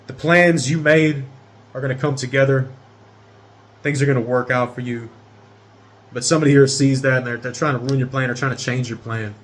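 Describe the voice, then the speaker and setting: A man in his thirties giving a casual tarot reading straight to his viewers in a rambling, profane way. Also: medium pitch. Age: 30s. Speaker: tarot reader.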